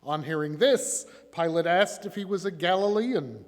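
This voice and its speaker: A man's voice: fairly high pitch, normal speed. Man reading scripture in a reverberant church. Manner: expressive, shifts voice and loudness for quoted speakers. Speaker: church reader. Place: church sanctuary.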